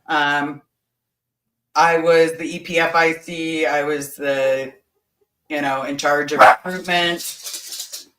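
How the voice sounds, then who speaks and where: A woman's voice: sits low, flat delivery, slow pace, long pauses, fairly bright tone, reverberant, recorded from a distance, a little hiss or hum, rough recording. A woman talking bluntly and candidly as a guest in a casual chat, swearing now and then.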